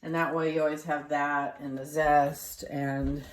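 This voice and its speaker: A woman's voice: low voice, unhurried, slight background noise. A woman hosting a casual home cooking demonstration, chatting as she works and wheezing and coughing now and then. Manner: chatty, relaxed, thinks aloud. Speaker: cooking show host. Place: home kitchen. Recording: kitchen clatter behind.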